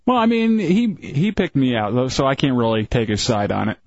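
A man co-hosting a radio show, teasing and deadpan, talking casually in the studio. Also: mid-range voice, fairly quick, no echo. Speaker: radio co-host. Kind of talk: casual talk-radio banter. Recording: dry, dull radio audio.

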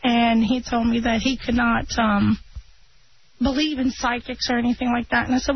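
High voiced lady psychic guest on radio, laughs a lot, kinda dull broadcast sound. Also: fairly even intonation, normal speed. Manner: laughs often, tells stories with quoted dialogue. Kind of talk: casual radio chat. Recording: dull broadcast audio with faint noise.

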